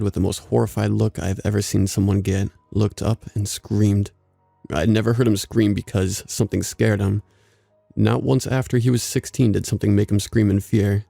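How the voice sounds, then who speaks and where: A man narrating a scripted horror story in a steady, measured way. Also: fairly low pitch, vocal fry, no room sound, soft background music.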